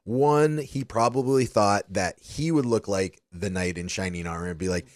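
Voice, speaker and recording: A laid-back man chats with his co-host, thinking out loud in an easy, unhurried way. His voice is fairly low. The recording is dry and close-miked. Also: dry recording. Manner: relaxed, easygoing, quick short replies. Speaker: podcast co-host. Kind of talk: casual conversation.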